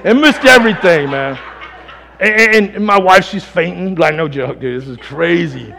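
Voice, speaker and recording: Gravelly high-voiced man preaching. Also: moderate pace, big-room sound, slight background noise. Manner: animated storytelling with laughter and acted quotes. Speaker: pastor. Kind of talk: sermon.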